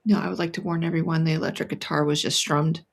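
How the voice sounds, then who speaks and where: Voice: mid-range voice, little pitch movement, fast talker, vocal fry, husky. A co-host chats casually over a livestream, easygoing and talkative. Now and then the voice slides into a nasal way of saying things. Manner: chatty, slips into a nasal family accent for fun.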